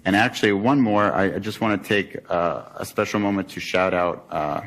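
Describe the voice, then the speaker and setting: A man's voice: low voice, normal speed, fairly bright tone. A man, a council member, giving earnest remarks at a borough council meeting, with frequent fillers and restarts. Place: council chamber.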